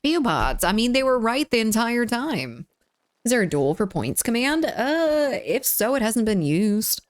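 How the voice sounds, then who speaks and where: A woman hosting a casual gaming live stream, her voice bouncing up and down in pitch as she talks. She giggles easily and keeps up a running chat with her viewers, reading their messages aloud and answering them. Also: big pitch swings, a little slow, no room sound, studio quality. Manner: giggly, reads chat aloud and chats back. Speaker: game streamer.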